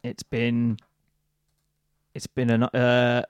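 A man taking part as a player in a tabletop role-playing game, relaxed and agreeable in casual chat. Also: mid-range voice, drawn-out words, clear, resonant tone, no echo, lo-fi sound.

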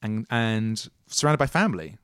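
A man's voice: on the low side, very animated, moderate pace, smooth, no room sound, clean studio sound. A man narrating as game master, musing and hesitant, restarting his phrases and laughing often. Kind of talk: narrating a tabletop role-playing game.

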